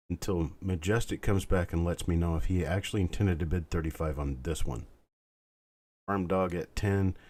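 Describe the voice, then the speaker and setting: Low husky man calling an auction. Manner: calm, soothing, unhurried bid calling. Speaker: auctioneer host. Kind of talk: live online auction calling.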